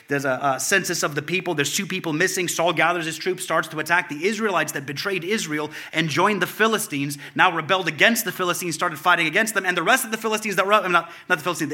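A male pastor preaching a sermon, in a conversational style with fillers and restarts, growing fervent and loud as he retells a story. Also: fairly high pitch. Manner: builds to fervent, raised delivery when retelling the story.

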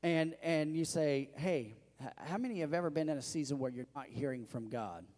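A male pastor delivers his sermon in a somewhat high voice. He keeps asking the congregation rhetorical questions and calls for their answers. His voice rings out with the long reverb of a church hall. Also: normal speed, a little mellow.

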